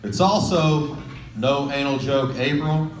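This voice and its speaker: A man with a West Texas drawl works through a stand-up set, loose and chatty, dropping "man" and "uh" as he goes. His voice sits at an everyday middle pitch. The sound is roomy and a little distant, with faint club ambience behind it. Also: takes it slowly, slight background noise. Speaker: stand-up comedian. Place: comedy club stage with a live audience.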